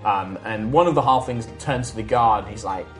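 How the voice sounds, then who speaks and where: A woman narrating as game master, relaxed and full of fillers. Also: extremely low pitch, brisk, soft background music.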